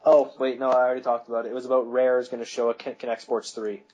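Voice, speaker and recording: A man's voice: mid-range voice, little pitch movement, rapid-fire, a little mellow, lo-fi sound. A young man co-hosting a podcast, rambling through school stories and laughing at his own anecdotes, with a voice that cracks. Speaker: podcast co-host. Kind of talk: casual chat.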